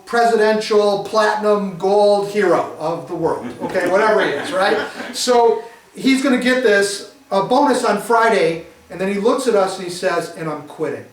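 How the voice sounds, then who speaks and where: A middle-aged man from Detroit tells his story to a live audience, animated and poking fun at himself. His voice sits high. The room around him is echoey. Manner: animated, self-mocking storyteller. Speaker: speaker giving a testimony. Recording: roomy echo, mic at a distance.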